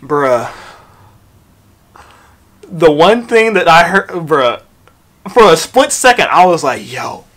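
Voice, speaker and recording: A young man telling a storytime vlog, profane and animated, acting out quotes from the story. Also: on the high side, takes it slowly, long pauses. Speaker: vlogger.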